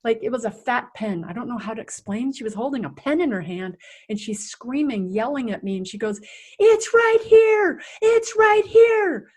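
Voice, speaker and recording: Her voice on the high side and a bit breathy, a middle-aged woman who works as a resilience coach briskly recounts a personal story in an interview. She brings it to life animatedly, acting out each scene.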